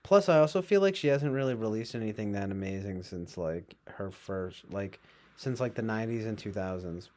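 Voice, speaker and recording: A man's voice: animated, normal speed, a little mellow, slight background noise. A man streaming live, reading news aloud and reacting with casual, sarcastic commentary. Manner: sarcastic, swings into mocking high voices.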